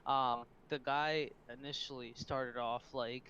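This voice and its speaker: A man's voice: mid-range voice, fairly even intonation, measured pace, pushed and bright, muffled recording, a little hiss or hum. Rambling young man telling stories. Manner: rambling storyteller, swears, laughs often. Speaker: co-streamer. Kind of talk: casual stream chat.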